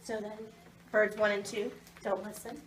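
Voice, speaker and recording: A woman's voice: mid-range voice, steady tone, moderate pace, distant mic, slight background noise. Upbeat teacher woman, echoey classroom. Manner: upbeat, giving directions to children. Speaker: second grade teacher. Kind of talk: classroom reading lesson.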